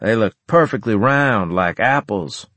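A man playing a raspy, surly revived soldier. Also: lowish voice, animated, measured pace, fairly bright tone, dry recording. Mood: groggy. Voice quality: raspy, slurred. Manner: crude, belligerent.

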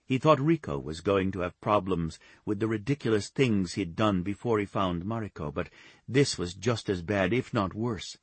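A man narrating a romance novel in a steady, measured reading on a close studio mic. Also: lowish voice, slightly rough, no room sound. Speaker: audiobook narrator.

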